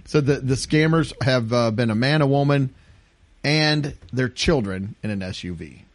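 A man's voice: medium pitch, normal speed. A middle-aged man hosting a casual podcast chat, joking and laughing easily. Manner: jokey, laughs easily, puts on silly pirate voices. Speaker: podcast host.

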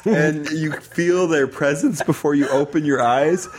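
A man's voice: a little high, measured pace. Rambling man telling stories on a podcast. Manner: rambling storyteller, laughs as he talks. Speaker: podcast co-host. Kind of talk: casual chat.

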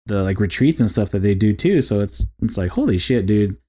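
A man's voice: on the low side, fairly quick. A young man co-hosting a podcast, chatting easily, saying "dude" often and dropping jokey asides. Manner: relaxed, says "dude" a lot, joking asides. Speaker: podcast co-host. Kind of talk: casual chat.

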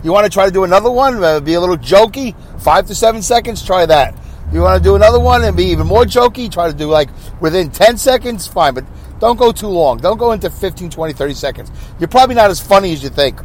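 A man's voice: sits high, animated, fast talker. A man hosting his own podcast in a chatty, rambling, wry monologue, talking on the road as motorcycles pass. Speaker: podcast host. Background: passing traffic.

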